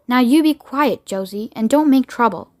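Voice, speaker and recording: A woman voicing a calm, loyal old grandfather who speaks in a soothing, reassuring way. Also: fairly high pitch, moderate pace, dry recording, studio quality, natural voice. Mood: hushing.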